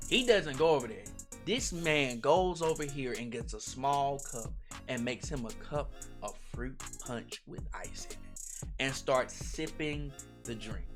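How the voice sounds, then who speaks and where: Animated young man telling a story. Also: medium pitch, unhurried, soft background music. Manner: animated, slangy, addresses viewers as y'all. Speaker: storytime vlogger. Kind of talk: casual storytime monologue.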